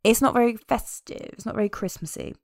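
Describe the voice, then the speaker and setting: A woman in casual chat, recapping a film with animated, wry asides. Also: on the high side, a little fast, no room sound, studio quality.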